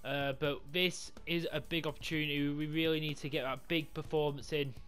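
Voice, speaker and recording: A man commentating his own football video game run, swinging from calm talk to swearing and yelling at the screen. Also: a little high, moderate pace. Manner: excitable, sweary, yells at the game. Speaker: gaming YouTuber. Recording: music playing behind.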